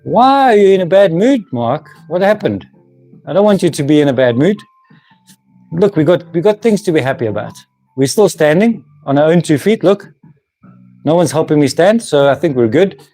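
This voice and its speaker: Very animated and warm, with a fairly high pitch and a moderate pace, a South African man runs a woodworking live stream. He talks casually with viewers, often laughing and starting sentences over. A camera mic on a handheld, moving camera captures him, with faint music in the background.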